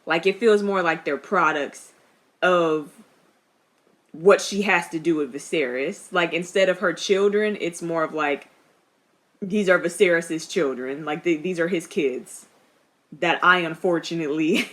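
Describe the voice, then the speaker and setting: Bright-voiced young woman reacting on camera. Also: on the low side. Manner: chatty, talks back at the screen; expressive, laughs often. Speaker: reaction vlogger. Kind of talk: casual reaction commentary.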